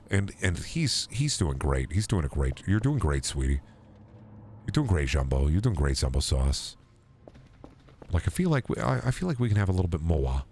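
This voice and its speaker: A young man streaming a game, rambling in a self-mocking way and swinging into loud mock outrage. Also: deep voice, slight background noise. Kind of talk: casual gaming stream chatter.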